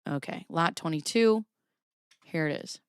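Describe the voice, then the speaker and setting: A woman's voice: sits low, measured pace, clean tone, no room sound, clean studio sound. A woman hosting a casual livestream from her home basement, chatty and profane, often laughing as she reads documents and talks to her chat. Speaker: livestream host. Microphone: camera pointed at herself.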